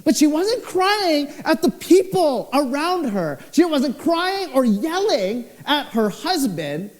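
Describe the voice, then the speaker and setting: A young man, a pastor, preaching a sermon with expressive storytelling, his voice swinging low and high. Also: takes it slowly. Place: church hall. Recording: church hall with long reverb.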